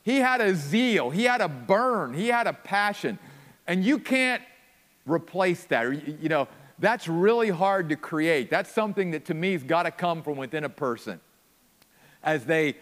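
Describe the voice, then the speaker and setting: A man's voice: on the high side, lively intonation, moderate pace, fairly bright tone, big-room sound. A man preaching an earnest sermon, piling up repeated phrases for emphasis. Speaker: pastor.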